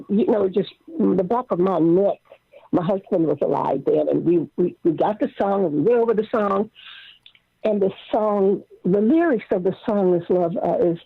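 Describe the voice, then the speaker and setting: Older woman, singer guest, lively storyteller, husky voice, tinny dry phone line. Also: medium pitch, no room sound. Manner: animated storyteller, acts out quotes. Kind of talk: casual interview over the phone.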